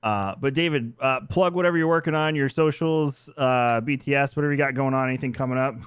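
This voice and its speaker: A man co-hosting a podcast, telling an animated story in casual chat and swearing freely. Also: mid-range voice, fast, smooth, no echo. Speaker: podcast co-host.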